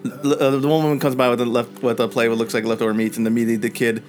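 A man narrating as game master of a tabletop game, in a loose, halting way full of fillers and restarts. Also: mid-range voice, level tone, a little mellow, soft background music.

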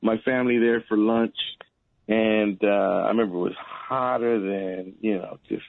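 A man's voice: on the low side, fairly even intonation, moderate pace, gravelly, phone-quality sound, slight background noise. A man in his forties, a guest on a chat show, telling long rambling family stories with many fillers and chuckles. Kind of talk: casual storytelling.

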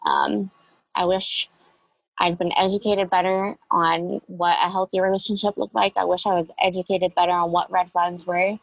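A woman's voice: on the low side, little pitch movement, normal speed, gravelly, no room sound, poor audio. Young woman guest, candid storyteller, reflective, dry close mic. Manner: candid, reflective, with frequent fillers. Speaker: interview guest. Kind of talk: personal storytelling interview.

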